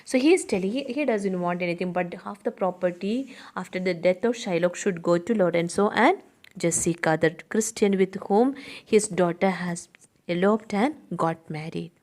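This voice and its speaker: A woman's voice: on the low side, normal speed, darkish tone. A woman teacher with an Indian English accent, explaining a play line by line in class and paraphrasing it simply. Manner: reads lines aloud, then paraphrases them simply; often adds the tag question "isn't it?".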